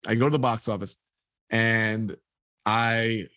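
A sports photographer with a fairly low voice speaks slowly, recorded without echo. In an interview, he tells a personal anecdote in an animated way, acting out the dialogue as he goes.

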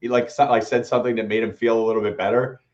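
A relaxed, laid-back man co-hosting a casual talk show. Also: on the low side, racing, lo-fi sound. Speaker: co-host. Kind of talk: casual chat.

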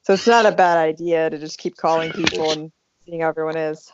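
Blunt low-voiced woman on a call. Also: fairly even intonation, brisk, noisy background. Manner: blunt and outspoken, swears. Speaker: podcast co-host. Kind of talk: casual group call chat. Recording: dry muffled lo-fi call audio.

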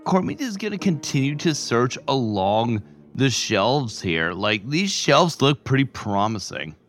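A man's voice: medium pitch, very animated, unhurried, a bit bright, faint music behind. A man playing a tabletop game, joking casually about his dice rolls. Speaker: player.

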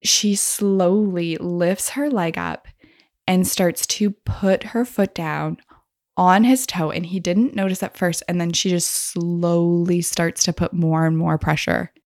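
A woman's voice: fairly low pitch, steady tone, slow pace, darkish tone, dry recording, studio quality. A woman hosting a podcast, telling stories in a chatty, casual way and laughing often. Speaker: podcast host. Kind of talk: casual storytelling.

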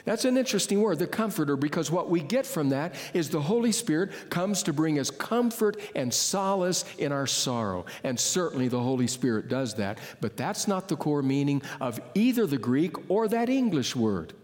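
A man preaching with earnest conviction, his fairly high voice carrying through a long, ringing hall reverb. He slows down to lean on key words and explains meanings like a teacher. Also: big pitch swings. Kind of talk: sermon.

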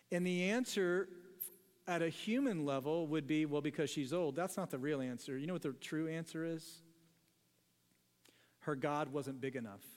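A man's voice: on the high side, in a large hall. A man preaching a sermon as pastor in a church, in a casual, joking way, often laughing at his own lines. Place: church sanctuary.

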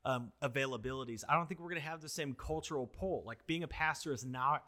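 A man's voice: medium pitch, quick pace. A man who is a pastor, telling stories in casual conversation, acting out quotes and filling his talk with "like" and "you know.". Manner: animated storyteller who acts out quotes, filler-heavy. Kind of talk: casual conversation about church outreach.

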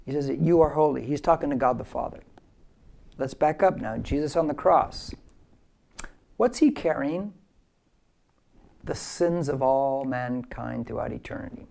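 A man's voice: a little high, unhurried, creaky, long pauses, warm tone. A male pastor preaching a verse-by-verse sermon with emphasis, leading listeners in repeating key phrases.

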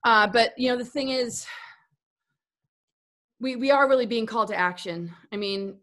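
A woman's voice: fairly high pitch, moderate pace, a bit bright. A woman talking casually about spirituality as a guest in a conversation, earnest and rambling, often restarting and repeating words.

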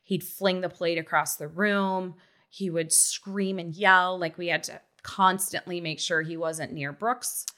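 Thirties woman guest, chatty and animated, acts out quotes, bright edge. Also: on the low side, a little slow. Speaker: guest, mother. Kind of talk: casual chat, personal story.

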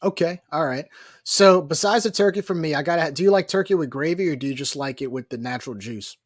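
A man from New Orleans, co-hosting a casual sports podcast and telling stories in an animated, joking way. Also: fairly high pitch, fast, dry recording, clean studio sound. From New Orleans, Louisiana. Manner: animated, jokey storyteller. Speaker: podcast co-host.

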